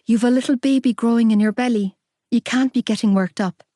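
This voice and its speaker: A woman's voice: on the high side, fairly quick, mellow, no echo, lightly acted. A woman voicing a heartbroken, fiercely loyal young woman close to tears in an audiobook. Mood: anguished. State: crying.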